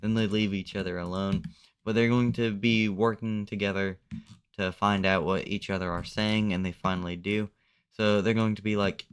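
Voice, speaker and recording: Male commentator, low and smooth, relaxed conversational narration of a simulation. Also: moderate pace. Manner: loose, conversational, uses "like" a lot. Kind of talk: casual narration of a map simulation.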